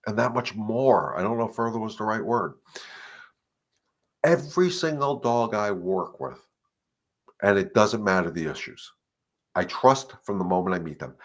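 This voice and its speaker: A man's voice: on the low side, fairly bright tone. A middle-aged man, a dog trainer hosting a live question-and-answer session, talking earnestly and emphatically and repeating his points. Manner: earnest and emphatic, repeating points, acting out dogs and owners in quick asides. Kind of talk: live-stream advice talk.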